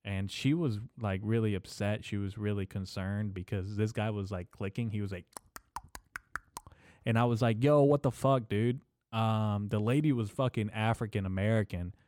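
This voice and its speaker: Brief: male podcast host, low register, dry mic, loose profane comic rambling. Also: steady tone, normal speed, darkish tone, dry recording. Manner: profane, loose and jokey, lots of fillers.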